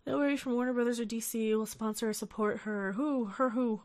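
A young woman rants through a casual livestream with an exasperated edge and a steady run of profanity. Her voice sits a little high, and she breaks off now and then to read viewer comments aloud. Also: a little fast. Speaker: livestream host.

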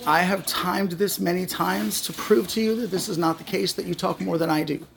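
An adult child arguing with a parent, speaking firmly and insistently and repeating demands deliberately. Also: mid-range voice, steady tone, vocal fry, fairly bright tone. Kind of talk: heated family argument, secretly recorded.

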